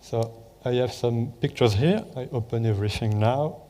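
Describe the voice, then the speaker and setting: A man's voice: medium pitch, normal speed, mellow. French-accented man presenting in a hall. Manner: hesitant, many fillers and restarts. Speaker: conference presenter. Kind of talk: conference talk with live demo.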